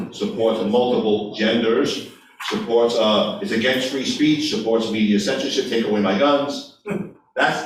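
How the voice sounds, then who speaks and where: A man giving a speech at a meeting, talking in an animated way and acting out people's replies. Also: mid-range voice, a little hiss or hum. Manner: animated, acts out voters' replies. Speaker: guest speaker. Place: meeting hall. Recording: echoey room, voice from far off.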